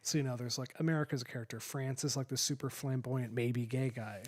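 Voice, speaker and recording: A man co-hosting a podcast in casual chat, halting and correcting himself, laughing often. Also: medium pitch, steady tone, darkish tone. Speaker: podcast co-host.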